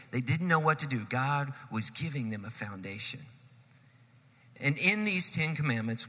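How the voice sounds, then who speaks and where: Animated male preacher in a reverberant hall. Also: medium pitch. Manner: animated storytelling, swells and drops in loudness. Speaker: pastor. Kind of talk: sermon.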